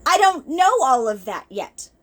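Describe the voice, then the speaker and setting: Lady with a high voice telling her faith journey off the cuff, earnest and rambly, gets emotional. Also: big pitch swings, unhurried, a bit bright. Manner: earnest, rambling, with restarts and quoted asides. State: emotional at times. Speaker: ministry video host. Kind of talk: unscripted spiritual testimony to camera.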